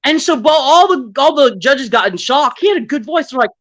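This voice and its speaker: A man's voice: very high voice, expressive, brisk, a bit bright. A man on an online audio panel who beatboxes and then tells rambling, earnest stories. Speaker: panel guest. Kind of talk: beatboxing and casual chat.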